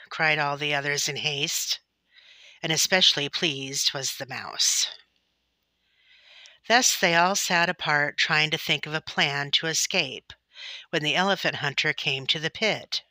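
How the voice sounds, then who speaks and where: A woman narrating a children's story in a gentle, deliberate way. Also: low-pitched, no room sound. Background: soft background music.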